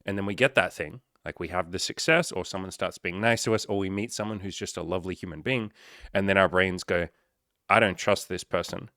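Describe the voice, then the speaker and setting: Very deep-voiced man, casual and profane. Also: fast, sharp tone, no echo, clean studio sound. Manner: loose, profane and joking, rambling asides. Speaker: life coach and podcaster. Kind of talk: casual solo podcast monologue.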